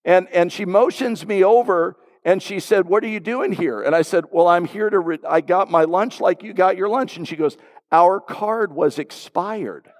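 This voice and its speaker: A man's voice: sits high, moderate pace, hardly any pauses. A middle-aged man, a pastor, preaching a sermon and telling a personal story with asides to the congregation. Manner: storytelling, conversational with audience asides. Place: church sanctuary. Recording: long hall reverb.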